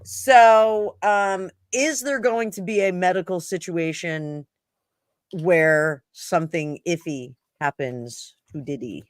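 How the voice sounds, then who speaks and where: A woman's voice: lowish voice, slow, no echo, studio quality. A woman from New Jersey co-hosting a tarot show in casual, joking chat, laughing often. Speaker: tarot reader co-host.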